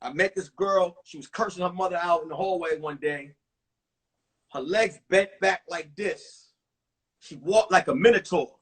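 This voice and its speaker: A man in his forties, a comedian telling crude, animated stories about his school days on a phone livestream. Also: high voice, normal speed, breathy edge. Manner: animated, profane storytelling with acted-out voices. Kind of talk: stand-up storytelling on a livestream.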